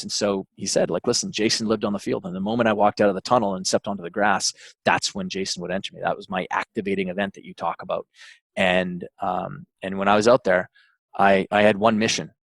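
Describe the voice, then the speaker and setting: A man, an author interviewed as a guest, telling an anecdote in a relaxed way with frequent fillers and restarts. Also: fairly low pitch, no room sound. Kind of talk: interview storytelling.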